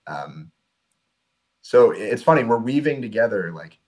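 Laid-back young man, lowish voice. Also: measured pace. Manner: relaxed, rambling storyteller with frequent fillers. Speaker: minor league baseball pitcher, guest. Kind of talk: casual podcast interview.

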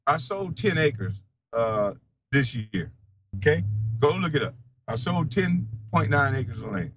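A man's voice: sing-song, a little slow, noisy background. Defiant man in a mocking profane rant. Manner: defiant, mocking, swings from low mutters to loud taunts; laughs scornfully between lines. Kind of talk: heated profane monologue.

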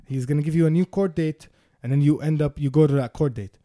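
A steady, businesslike police officer lays out terms in a flat, matter-of-fact tone, as a man puts him on while retelling a story. The voice sits somewhat high for a man and sounds dry and close. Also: fast talker, dry recording, lightly acted. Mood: calm, businesslike.

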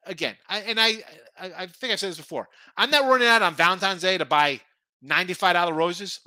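A man's voice: high voice, fairly quick, bright, forceful tone, no echo. Middle-aged male betting host, rambling and opinionated, dry close sound. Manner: rambling, opinionated, with frequent restarts. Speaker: sports betting show host. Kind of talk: casual sports betting talk.

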